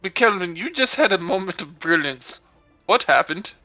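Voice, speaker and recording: A man's voice: high-pitched, lively intonation, moderate pace, bright, forceful tone, highs cut off, faint music behind. A man role-playing a character at a tabletop game, jokey and indignant. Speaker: player.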